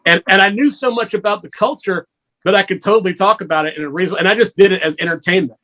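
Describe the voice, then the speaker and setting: Chatty storytelling man, higher voice. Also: very fast, sharp tone. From Georgia, USA. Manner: chatty, storytelling, laughs often. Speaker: guest musician. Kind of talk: casual chat.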